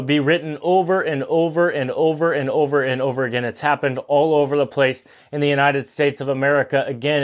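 A man in his twenties hosting his own podcast, giving an impassioned political monologue in an earnest, pleading way, repeating himself for emphasis. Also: on the high side. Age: 20s. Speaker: podcast host.

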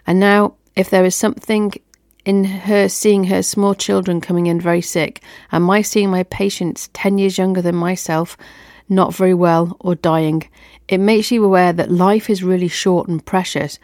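Upbeat woman chatting away on her podcast, kinda gravelly, dry sound. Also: lowish voice, darkish tone, dry recording. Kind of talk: casual personal storytelling.

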